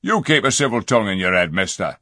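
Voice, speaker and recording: A man voicing a surly, scornful male dwarf who talks in a gruff, jeering, common way. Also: fairly low pitch, sing-song, quick pace, sharp tone, no echo, studio quality, full character voice. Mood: sneering. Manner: gruff, jeering, working-class speech.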